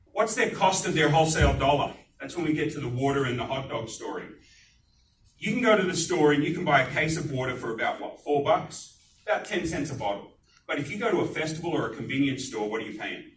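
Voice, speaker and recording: A man giving a live sales pitch at a business networking meeting, animated and putting questions to the audience. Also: slight background noise. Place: meeting room. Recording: echoey room, distant mic.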